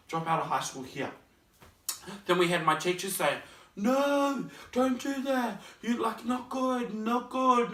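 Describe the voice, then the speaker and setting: A young man vlogging, telling a personal story in an animated way, acting out scenes and other people's voices. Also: medium pitch. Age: young adult. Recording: roomy, mic at a distance.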